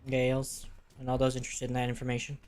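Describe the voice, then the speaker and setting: A man's voice: medium pitch, quick pace, clear, resonant tone. Man muttering through a game. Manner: relaxed, muttering to himself, joking asides. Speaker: streamer playing a game. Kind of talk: casual gameplay commentary.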